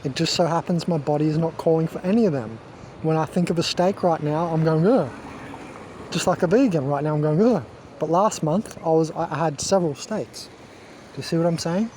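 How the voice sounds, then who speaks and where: Preachy self-assured man, mellow voice. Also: a little high, brisk, a little hiss or hum. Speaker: wellness vlogger. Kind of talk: rambling monologue to camera.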